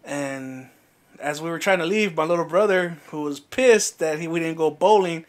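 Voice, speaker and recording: Young male podcast co-host, slightly high voice, swears a lot, animated storyteller. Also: normal speed. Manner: profane, animated, acts out quoted dialogue. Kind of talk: casual storytelling chat.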